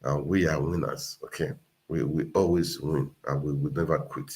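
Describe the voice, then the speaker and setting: A man's voice: a bass voice, fairly even intonation, normal speed, darkish tone. A man hosting a casual livestream, talking earnestly and repeating himself as he urges viewers on. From Nigeria. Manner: earnest, repetitive, exhorting. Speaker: livestream host.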